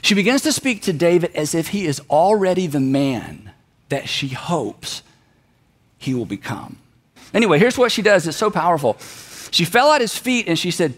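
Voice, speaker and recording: Guy preaching, retelling a story super animated, voice kinda high and bouncing all over. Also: normal speed. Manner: animated, conversational, acts out the characters. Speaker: pastor. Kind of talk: sermon storytelling.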